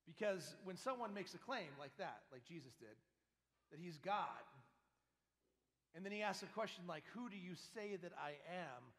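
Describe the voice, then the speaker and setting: A man's voice: high-pitched, animated, moderate pace, fairly bright tone. A priest giving a sermon to his congregation in a church, speaking with emphasis and asking them rhetorical questions. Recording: long church reverb.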